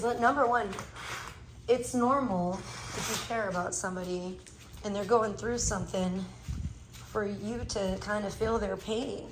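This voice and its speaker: A woman's voice: medium pitch, creaky, noisy background. A middle-aged woman live streamer in casual chat, talking candidly and emotionally to her viewers and swearing freely.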